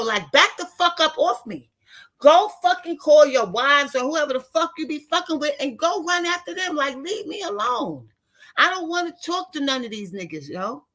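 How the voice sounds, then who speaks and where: A woman's voice: high-pitched, sharp tone. A woman in her fifties ranting bluntly to her viewers in a casual, profane monologue. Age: 50s. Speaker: vlogger talking to her live viewers.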